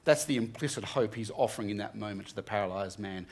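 A man's voice: on the low side, quick pace, vocal fry, hardly any pauses, breathy edge. A young man giving an earnest, conversational Bible talk to students, often restarting his sentences. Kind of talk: sermon.

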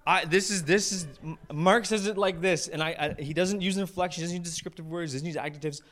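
A male pastor preaching to his church, retelling a story with playful asides and quick voices for the characters. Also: high voice, steady tone, fairly bright tone. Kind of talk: lively storytelling sermon.

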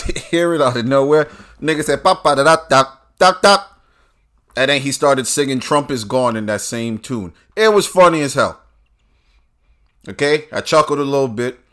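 A man launches into a profane political rant aimed at his audience. He alternates between loud outbursts and low, drawn-out asides.

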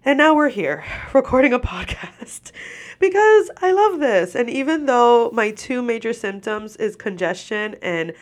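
A woman's voice: fairly high pitch, sing-song, measured pace. A congested, stuffy-nosed woman who is short of breath, hosting a podcast as a casual rant, swearing freely and laughing as she talks into a microphone. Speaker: podcast host. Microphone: microphone while seated.

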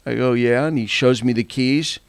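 An older man tells a rambling story, laughing as he goes. His voice is gravelly and he acts out each person he quotes. The sound is dry and close, with no room echo. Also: mid-range voice, steady tone, moderate pace. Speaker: guest telling a story. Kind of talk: casual storytelling.

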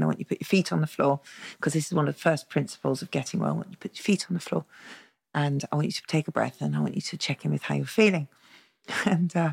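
A middle-aged woman tells her story in an interview, speaking bluntly, swearing freely and laughing often. Her voice has a gravelly, creaky edge, and she slips into the voices of the people she quotes. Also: deep voice, a little mellow. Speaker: therapist, interview guest. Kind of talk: candid storytelling in a conversational interview.

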